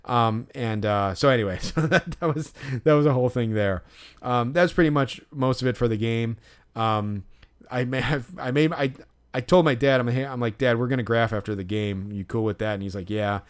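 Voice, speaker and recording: A man's voice: mid-range voice, fairly quick, clear, resonant tone. A young man and podcast co-host telling a long, profane, ranting story in casual chat.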